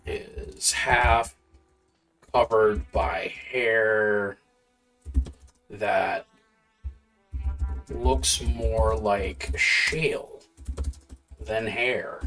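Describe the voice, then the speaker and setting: A man's voice: lowish voice, steady tone, extremely slow, pauses often, pushed and bright. A man working as game master, thinking aloud as he preps a campaign on a live stream, muttering half-formed notes to himself and swearing casually. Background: faint background music.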